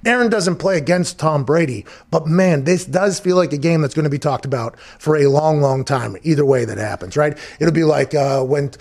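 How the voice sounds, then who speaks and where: A man's voice: a little high, moderate pace, few pauses, darkish tone. A man hosting a sports talk show, rambling and emphatic in casual chat, swearing freely.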